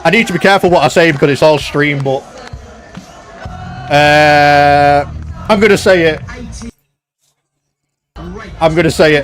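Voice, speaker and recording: A man's voice: fairly high pitch, normal speed, long pauses. A young man live-streaming from home, chatting loosely and reading out viewer comments. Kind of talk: casual live-stream chat.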